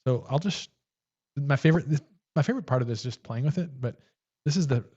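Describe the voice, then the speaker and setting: A man's voice: medium pitch, expressive, fast, a little mellow, husky. Casual male co-host, rambly show-and-tell delivery, dull lo-fi stream sound. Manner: rambling, shows and demonstrates tools on camera. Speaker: livestream co-host. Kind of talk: casual livestream chat.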